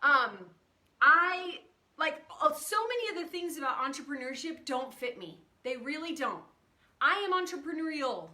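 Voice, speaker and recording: A woman in her thirties talks to her livestream viewers from a room at home, stopping to greet them by name. Her voice sits high and sounds bright and forward, and her talk is open and emotional. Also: expressive, moderate pace. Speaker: livestream host. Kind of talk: casual livestream chat.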